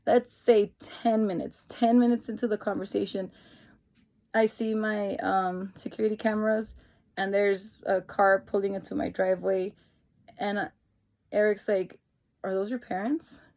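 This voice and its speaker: A woman's voice: mid-range voice, steady tone, unhurried, vocal fry, darkish tone. A young woman vlogging casually about her week, rambling with fillers and restarts. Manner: rambling, many fillers and restarts, laughs through tears. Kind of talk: casual personal vlog storytelling.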